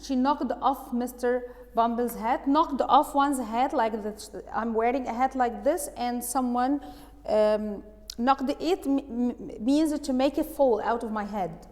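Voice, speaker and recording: A woman's voice: a little high, a little slow, darkish tone, in a large hall. A woman English teacher, reading a storybook aloud and patiently explaining words and asking the class questions.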